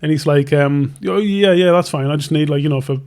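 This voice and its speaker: A man's voice: fairly high pitch, fairly quick, a little mellow. A young man who is a tattoo artist, casually telling a long story and acting out both sides of the conversation, with lots of restarts. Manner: rambling, self-interrupting, acts out both sides of conversations. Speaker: tattoo artist, podcast host.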